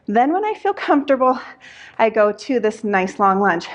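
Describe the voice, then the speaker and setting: A young adult woman instructor talks through a Pilates workout as she does it, her voice a little high and very animated at a normal speed. Out of breath, she counts reps and sighs between them.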